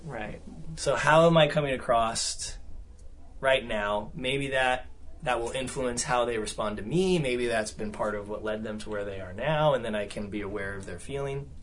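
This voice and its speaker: A man's voice: mid-range voice, moderate pace. Conversational man leading a seminar session. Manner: conversational, asks the room questions often. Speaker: seminar speaker. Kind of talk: seminar talk with audience discussion.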